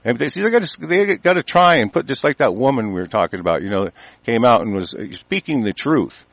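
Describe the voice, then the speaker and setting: A man delivering an angry, heated political rant full of profanity, with sudden louder bursts. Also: medium pitch, animated, brisk, dry recording.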